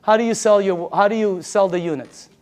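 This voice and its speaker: Middle-aged guy with a pretty high voice doing a hyped-up sales pitch, punchy and excitable, keeps echoing what people say back. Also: fairly quick. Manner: emphatic, repeats audience answers back; chatty and excitable, laughs between points. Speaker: sales presenter. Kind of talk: live sales pitch to an audience.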